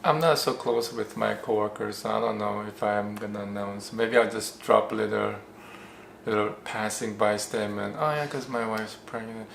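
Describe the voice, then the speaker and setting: A man's voice: fairly low pitch, fairly even intonation, normal speed, vocal fry, a bit bright. A young man co-hosting a casual vlog with his wife, answering in short, dry, teasing lines. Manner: dry, teasing one-liners. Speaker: vlog co-host, husband. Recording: roomy echo with faint background noise.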